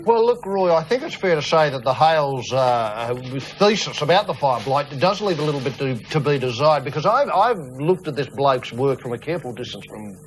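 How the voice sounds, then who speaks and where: A man's voice: fairly high pitch, very animated, moderate pace, hardly any pauses, poor audio. An Australian man co-hosting a comedy talk show, spinning mock-serious conspiracy theories in a pompous, rambling way. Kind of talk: mock-serious comic banter. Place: TV studio with live audience. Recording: studio audience crowd noise.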